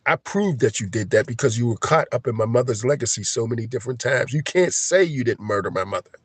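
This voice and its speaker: A man ranting on a live stream, agitated and profane, swinging between shouting and low, emotional muttering. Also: expressive, fast, slightly rough, no room sound. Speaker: livestream host.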